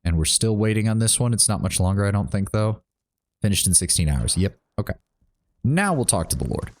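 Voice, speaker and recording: Low-voiced man streaming a game. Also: very animated, brisk, slight background noise. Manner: chatty, reads game dialogue aloud. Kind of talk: casual game commentary.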